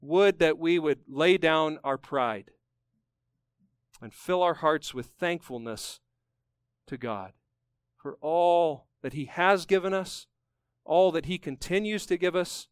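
A man preaching a sermon, emphatic and fervent, climbing to strong peaks and dropping low to close each point. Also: slow pace, clear, resonant tone, no echo. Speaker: pastor.

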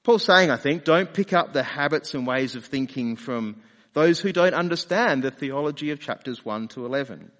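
A man's voice: fairly high pitch, expressive, normal speed, a bit bright, in a large hall. A man preaching a sermon in a conversational way, often asking rhetorical questions. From Australia. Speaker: pastor.

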